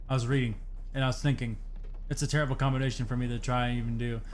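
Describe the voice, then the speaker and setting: A man's voice: mid-range voice, flat delivery, rapid-fire, a little hiss or hum. A young man playing a horror game, joking to himself and breaking into jumpy outbursts, sounding tired. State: tired, yawning. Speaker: gaming streamer. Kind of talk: horror game let's play commentary.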